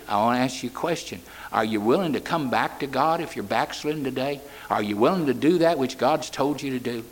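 A man preaching a sermon, swinging between loud cries and hushed, soft words. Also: fairly high pitch.

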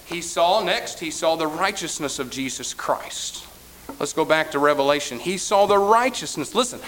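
A pastor with a high voice delivers a sermon. He moves between quiet, confiding asides and loud, shouted appeals. He uses a homespun, folksy manner and acts out everyday people's voices. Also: slight background noise, low-quality recording. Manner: emphatic, swings from quiet to shouting.

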